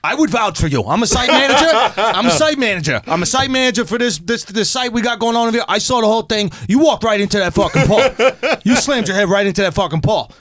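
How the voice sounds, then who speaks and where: Man playing a brash, eager site manager; high, lively, repetitive. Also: quick pace, few pauses, no room sound. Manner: loud, pushy, repetitive.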